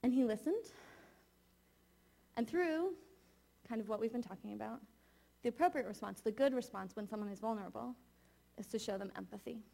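Woman in her thirties, higher voice, honest confessional sermon storytelling. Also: fairly quick, creaky, pauses often, dark tone. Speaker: preacher. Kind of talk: sermon told as a personal story.

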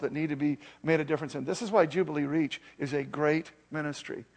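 A man's voice: on the high side, steady tone, a little fast, gravelly, few pauses. A male pastor delivering an earnest, urgent sermon and then leading a prayer.

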